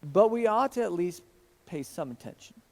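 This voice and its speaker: A man's voice: sits high, lively intonation, moderate pace. A man, a pastor, preaching an earnest sermon to his congregation in a church. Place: church sanctuary. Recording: long church reverb.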